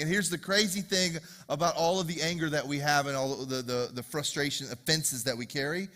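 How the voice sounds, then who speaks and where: A man's voice: fairly high pitch, fairly quick, a bit bright, big-room sound. A man preaching a sermon in a church, talking to the congregation in a conversational, joking storytelling way with asides. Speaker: pastor. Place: church sanctuary.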